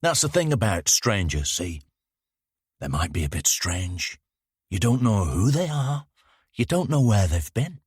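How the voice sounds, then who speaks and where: A man's voice: lowish voice, big pitch swings, unhurried, slightly rough, dry recording, studio quality, full character voice. A man voicing a wry, haunted detective. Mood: sardonic. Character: haunted adult male detective, wry and calm.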